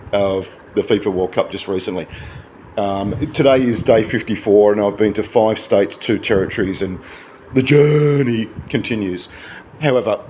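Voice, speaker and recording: A low-voiced man in his sixties talks on and on in a casual morning vlog, drifting from story to story and dropping the odd swear word. He records indoors at a hotel, with a faint hum of background noise around him. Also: a little mellow. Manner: chatty, digressive, casually swearing. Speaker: vlogger. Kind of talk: rambling early-morning vlog monologue.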